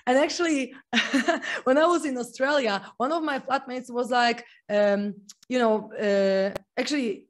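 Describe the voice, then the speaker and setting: An excitable woman hosts a casual interview, her voice sitting a little high. She rushes through her stories and laughs often between thoughts. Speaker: podcast host.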